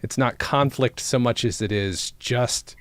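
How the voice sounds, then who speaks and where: A man hosting a podcast, chatting casually and thinking out loud. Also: medium pitch, unhurried, dry recording. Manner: thoughtful, wondering aloud with restarts. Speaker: podcast host.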